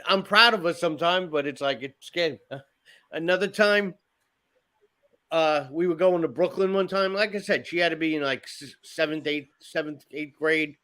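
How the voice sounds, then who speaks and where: A middle-aged man with a bright, slightly high voice, rambling through stories about his family in a casual podcast chat. He swears freely and keeps restarting his sentences as he goes. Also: moderate pace. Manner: rambling storytelling, heavy swearing. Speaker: podcast co-host.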